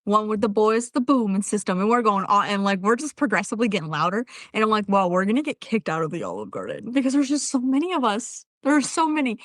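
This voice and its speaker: A woman co-hosting a podcast, telling stories in a casual chat, animated and laughing often. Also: medium pitch, quick pace, few pauses, no room sound. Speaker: podcast co-host.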